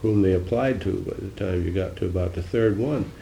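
Older male politician, low gravelly voice, wry and rambling, speaking in an echoey hall. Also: a little fast, dark tone, slight background noise. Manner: dry, wry humor, musing and digressive. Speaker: senator answering audience questions. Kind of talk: political talk with audience Q&A.

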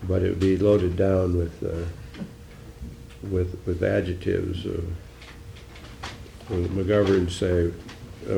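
Gravelly-voiced older man, dry wit. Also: low voice, little pitch movement, slow, warm tone, echoey room, a little hiss or hum. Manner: dry, wry humor, musing and digressive. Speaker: senator answering audience questions. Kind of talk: political talk with audience Q&A.

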